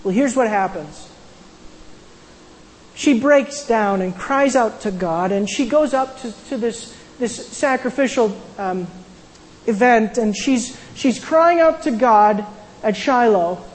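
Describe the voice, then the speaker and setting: A woman's voice: fairly high pitch, lively intonation, takes it slowly, long reverb tail, low-quality recording. A woman casually retelling a Bible story as a sermon, with conversational asides and frequent restarts. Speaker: Bible teacher.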